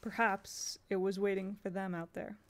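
A woman's voice: mid-range voice, flat delivery, normal speed. A woman reading a novel aloud in a casual way, now and then stopping to correct herself. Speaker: audiobook reader.

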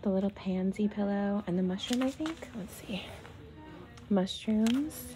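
A woman filming a casual shopping vlog. She talks from her car, then murmurs half-whispered comments as she browses a quiet store. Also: mid-range voice, expressive, measured pace. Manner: chatty, gushing over cute finds. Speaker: shopping vlogger.

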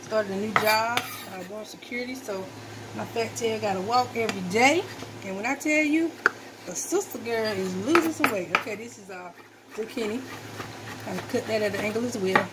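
A cooking vlogger chats casually with her viewers while chopping vegetables in her home kitchen, folksy and talkative. Her mid-range voice moves fairly quickly. The audio is very noisy, full of loud knife chopping and kitchen clatter.

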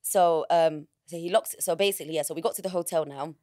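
A woman's voice: deep voice, fast, dark tone, no echo, studio quality. A woman, a podcast guest telling a personal story candidly in frank, slangy words. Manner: frank, slangy, vivid retelling.

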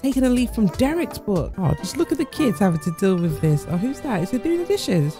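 A woman's voice: mid-range voice, very animated, brisk, music in the background. A woman giving amused, chatty commentary over her game as channel host. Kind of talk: gameplay commentary.

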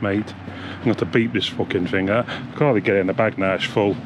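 A man's voice: on the low side, fairly even intonation, fast, a little hiss or hum. A man, ranting angrily and swearing while vlogging on a hiking trail. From England. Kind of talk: angry outdoor vlog.

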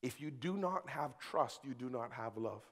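A young adult man preaching as a pastor, moving between quiet reflection and loud excited bursts. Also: medium pitch, normal speed. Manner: animated, swings from quiet to shouting. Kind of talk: sermon. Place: church hall.

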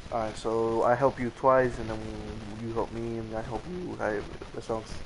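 A man chatting casually with a friend while streaming a game, excitable and crude, repeating words in quick bursts. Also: fairly low pitch, noisy background. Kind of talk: casual gaming chat with a friend.

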